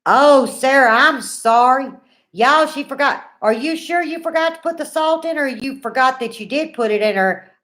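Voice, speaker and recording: A woman's voice: sits high, moderate pace, fairly bright tone. A woman, in her forties, hosting a casual livestream, chatting folksy and greeting viewers by name while reading comments. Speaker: livestream host.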